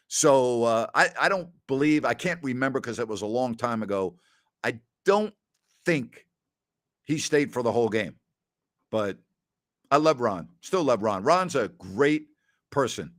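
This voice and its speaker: A man's voice: mid-range voice, lively intonation, normal speed, fairly bright tone. A middle-aged man hosting a casual question-and-answer show, chatty and given to anecdotes with quoted dialogue, often saying "absolutely". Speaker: host answering listener questions. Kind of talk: casual Q&A storytelling.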